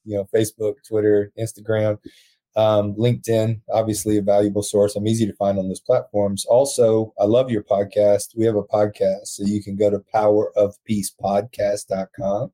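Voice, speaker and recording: A man telling an emotional story as a podcast guest, earnest and quick to laugh. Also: on the low side, little pitch movement, dark tone. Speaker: podcast guest, prison ministry founder. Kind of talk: storytelling in conversation.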